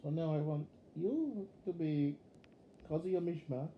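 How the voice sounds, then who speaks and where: A woman's voice: sits low, expressive, a little slow, dull audio. A young woman playing a video game with a friend, chatting in a playful, teasing way. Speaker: co-player. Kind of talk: casual gameplay chat. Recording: echoey room with faint noise.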